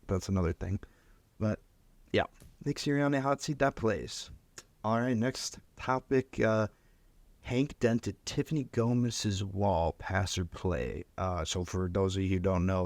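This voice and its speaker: A man with a lowish, gravelly voice runs through a solo sports podcast, rambling and joking at his own expense. The sound is close and dry, with no room around it. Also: no echo. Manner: joking, rambling, self-mocking. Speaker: podcast host.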